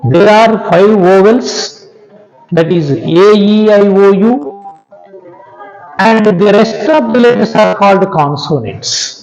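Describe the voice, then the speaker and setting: Slow, patient teacher with Indian English accent. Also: male voice, high voice, creaky, a little mellow. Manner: slow, patient, repeats each word aloud. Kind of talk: classroom lesson to children. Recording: dull lo-fi recording.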